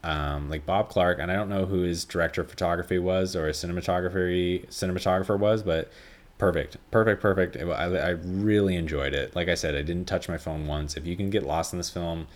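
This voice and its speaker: A man's voice: low voice, steady tone, brisk. A man hosting a casual solo podcast, rambling with lots of fillers and swearing freely. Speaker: podcast host.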